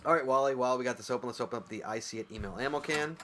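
An adult man with a son co-hosts a casual podcast, reading listener emails aloud, joking, laughing a lot and swearing casually. He races along in a bright, forceful mid-range voice, with slight background noise.

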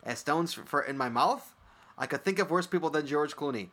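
On a casual podcast, this male co-host works through listener emails out loud, joking, laughing often and cursing offhandedly. He's an adult with a son, and he speaks briskly and expressively in a somewhat high, slightly bright voice.

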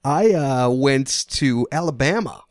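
A man's voice: mid-range voice, expressive, takes it slowly, dry recording, clean studio sound. A man co-hosting a podcast in casual chat, telling stories with frequent laughs and restarts. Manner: rambling, laughing, restarts often. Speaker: podcast co-host.

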